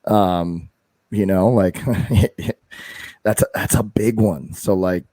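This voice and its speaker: A man hosting a podcast with a low voice on a dry close mic. He chats casually, agreeing and building on his co-host's points. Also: fairly even intonation, slow pace, dark tone, dry recording. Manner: agreeing, reflective follow-ups. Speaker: podcast host. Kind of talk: casual chat.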